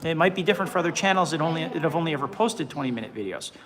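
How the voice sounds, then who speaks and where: A man's voice: a little high, animated, rapid-fire, a crowd in the background, poor audio. A man in his forties hosting a casual livestream, reading viewer comments aloud and rambling with frequent restarts and repeated words. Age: 40s. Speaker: livestream host.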